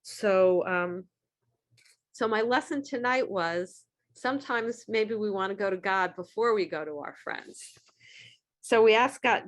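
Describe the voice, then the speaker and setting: A woman's voice: mid-range voice, measured pace. A woman giving an earnest, candid talk on recovery steps, reading short passages aloud and then reflecting on them. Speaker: speaker at a recovery meeting.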